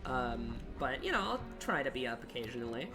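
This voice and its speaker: A man's voice: mid-range voice, sing-song, fairly quick. A young man, a university student, chatting casually on a live stream while he works, muttering at his own progress in a self-deprecating way. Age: young adult. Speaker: streamer and level designer. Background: music and keyboard typing.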